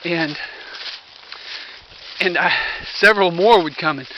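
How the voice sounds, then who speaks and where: A middle-aged man talking earnestly about spiritual things while hiking up a wooded trail, short of breath, with halting restarts, recorded on a handheld camera. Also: fairly high pitch, highs cut off, slight background noise. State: out of breath from climbing. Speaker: vlogger. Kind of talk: rambling walk-and-talk vlog. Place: outdoors on a wooded hillside trail. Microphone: handheld camera while walking.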